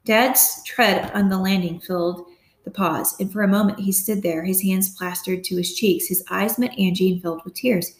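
A woman narrates a mystery novel in a steady storytelling manner, her voice sitting at a middle pitch. The recording carries a noticeable roomy echo. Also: normal speed. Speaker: audiobook narrator. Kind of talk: scripted narration.

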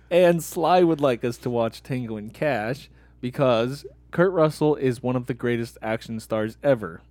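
A man's voice: medium pitch, measured pace, a little mellow, no echo. A man co-hosting a podcast in casual chat, joking and arguing his view of a film. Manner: joking, argues his points. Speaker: podcast co-host.

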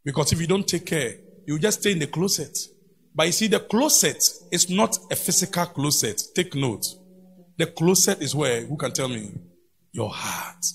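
Animated gravelly-voiced male preacher. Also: moderate pace, slight background noise. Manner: animated, shifts from loud exclamations to low murmurs. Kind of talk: sermon. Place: church.

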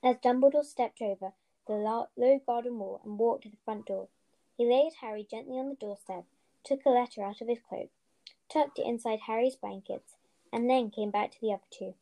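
A woman co-hosting a podcast, reading a children's novel aloud with steady storytelling and a few slips. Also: a little high, moderate pace, gravelly, low-quality recording. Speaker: podcast co-host, reader.

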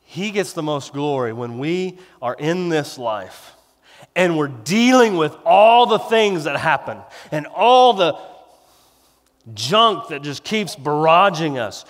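A man's voice: a little high, animated, slow pace. A male pastor preaching a sermon in a conversational, emphatic way, drawing out stressed words. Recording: long reverb of a large hall.

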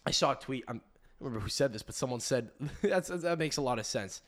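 A young man hosting a podcast in casual chat, animated and joking, swearing as he rants. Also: medium pitch, fast. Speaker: podcast host.

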